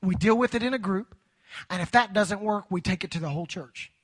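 A pastor with a high, slightly rough voice preaches briskly to a big congregation in a church sanctuary, calling for their responses. All the preaching has worn his voice down to the edge of hoarseness.

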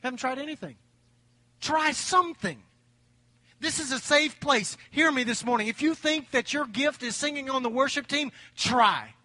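High-voiced, bright preacher man. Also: moderate pace, no echo. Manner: folksy, animated preaching with humor. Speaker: pastor. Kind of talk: sermon.

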